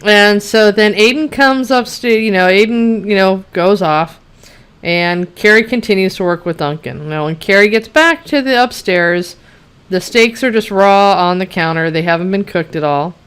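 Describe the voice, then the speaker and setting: A woman's voice: mid-range voice, normal speed, a bit bright, clean tone. A woman reviewing a TV show in a casual, blunt and sarcastic rant, swearing freely and filling her talk with chatty asides. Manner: chatty, many "you know" and "like" asides. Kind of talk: casual rant recapping an episode.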